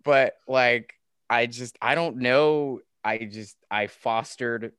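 Midwestern man in his 30s, podcast guest, animated and laughing, slight Southern twang, dry close mic. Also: medium pitch, slow pace, smooth, no room sound. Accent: flat Midwestern American, occasional Southern twang. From Kansas, US. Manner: animated storyteller, laughs often, many restarts. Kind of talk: casual podcast conversation.

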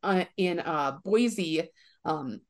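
A woman sharing a fan story in casual chat, animated and often laughing as she acts out what people said. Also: lowish voice, drawn-out words.

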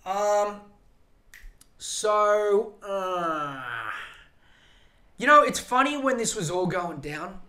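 Aussie guy ranting solo on his podcast, bright and punchy, lots of swearing. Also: high voice, lively intonation, drawn-out words, long pauses. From Australia. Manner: profane, rambling, emphatic. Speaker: podcast host.

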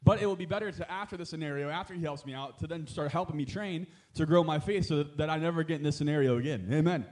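A man's voice: a little high, quick pace, a little mellow. A man preaching a sermon as a pastor, talking in a conversational way with frequent amens and asides, and rising to emphatic exhortation.

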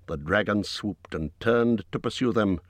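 A man reading an audiobook in measured, dramatic storytelling, recorded on a close studio mic. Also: lowish voice, dry recording. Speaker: audiobook narrator. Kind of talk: scripted audiobook narration.

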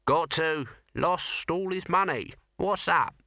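A man's voice: fairly high pitch, slow pace, gravelly, pushed and bright, no room sound, studio quality, voice pushed up, heavily acted. A man voicing a sly, scruffy male city watch corporal with slangy, raised speech.

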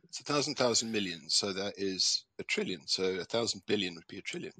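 Bright, husky-voiced joking man. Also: on the low side, lively intonation, fairly quick, dry recording. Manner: jokey, puts on silly voices. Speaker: guest musician. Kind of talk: casual chat.

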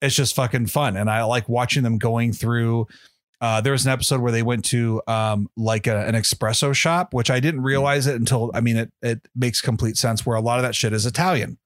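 A man's voice: mid-range voice, steady tone, fairly quick, dry recording, clean studio sound. A man co-hosting a podcast, chatting casually in a rambling way with lots of fillers and swearing. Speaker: podcast co-host. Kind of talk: casual chat.

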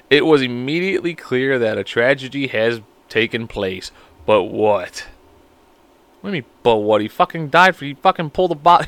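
A man's voice: mid-range voice, a bit bright, dry recording. A man in his thirties hosting a podcast alone, reading stories aloud and breaking into laughing, profane commentary. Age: 30s. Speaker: podcast host.

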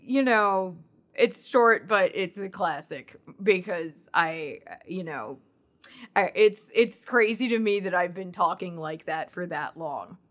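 A woman's voice: lowish voice, slow pace, fairly bright tone. A woman hosting a podcast and talking casually with her mother, laughing often. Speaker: podcast host. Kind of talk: casual conversation.

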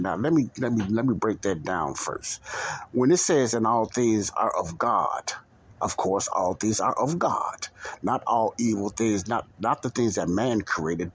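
Husky low-voiced man teaching scripture. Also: rough recording. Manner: slow and emphatic, pausing between phrases. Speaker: preacher. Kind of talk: podcast Bible teaching.

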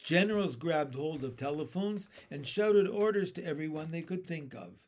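A man reading a children's book aloud, lively and switching his tone for the characters' lines. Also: a little high, moderate pace. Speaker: reader.

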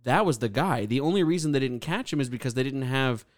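A man's voice: medium pitch, animated, quick pace, no room sound, studio quality. A man co-hosting a casual podcast, rambling through stories loosely, swearing and laughing along. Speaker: podcast co-host. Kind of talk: casual chat.

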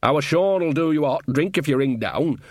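A man's voice: on the high side, expressive, moderate pace, no room sound, clean studio sound, pitched above the performer's own voice. A man voicing a cheerful, earthy old witch woman who coaxes and gossips in a broad, chatty way. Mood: coaxing.

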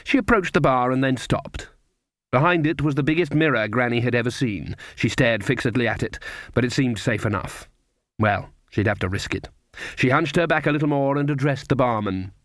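A man narrates a comic fantasy novel in a measured, wry voice of middle pitch. The recording is dry and close, with no room sound. He reads at an even, steady pace. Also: no room sound. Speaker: audiobook narrator. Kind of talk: scripted narration.

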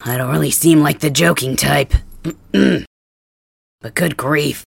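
Man as a blunt, grumbling young male cat hybrid for an ASMR role-play; slow delivery, husky, dry and close. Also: a little high, no echo, exaggerated voice. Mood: gruff teasing.

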